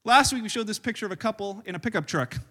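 Male pastor, high voice, sermon delivered as loose, self-deprecating storytelling. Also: expressive, fast, sharp tone. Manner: chatty, self-deprecating storytelling with many restarts. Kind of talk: sermon with family stories. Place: church service.

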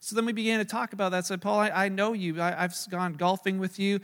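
A man's voice: high-pitched, flat delivery, quick pace, fairly bright tone, big-room sound. A man preaching as a pastor, earnestly retelling a hospital conversation, with frequent fillers and restarts. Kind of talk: sermon storytelling.

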